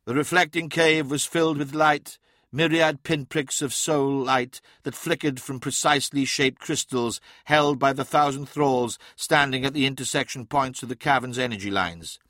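A man reading an audiobook in a measured scripted narration, shifting his voice for characters. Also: medium pitch, fairly even intonation, a bit bright, dry recording, clean studio sound.

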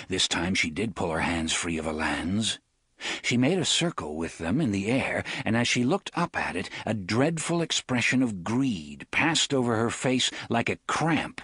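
A man narrating an audiobook in measured, expressive storytelling. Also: on the low side, breathy edge, dry recording, studio quality.

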